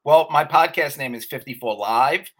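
A man appearing as a guest on a podcast, who explains golf news in a relaxed way and makes dry jokes. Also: medium pitch, normal speed. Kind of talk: casual podcast chat.

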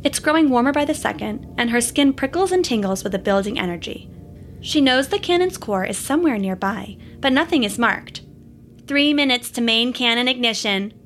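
A woman's voice: fairly high pitch, a little fast, faint music behind. Woman narrating a space adventure story. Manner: steady, descriptive storytelling.

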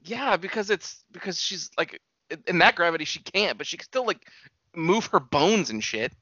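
A man's voice: sits high, lively intonation, moderate pace, pushed and bright, no room sound. A young man co-hosting a casual podcast, arguing his point, laughing often and swearing, his voice jumping up when worked up. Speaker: podcast co-host. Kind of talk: casual profane chat. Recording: dull lo-fi sound.

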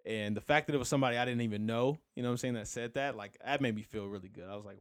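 A man's voice: medium pitch, rapid-fire, few pauses, dry recording, studio quality. A young man co-hosting a podcast, chatting in a laid-back, rambling way and laughing easily. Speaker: podcast co-host. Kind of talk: casual chat.

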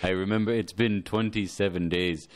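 A man voicing a gruff, stubborn exterminator who keeps confusing the day count, in a deadpan, rambling manner. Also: deep voice, normal speed, close to an everyday voice.

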